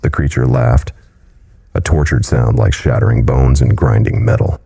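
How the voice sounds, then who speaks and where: Deep, gravelly male horror-story narrator, grave and measured, over faint music. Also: steady tone, warm tone.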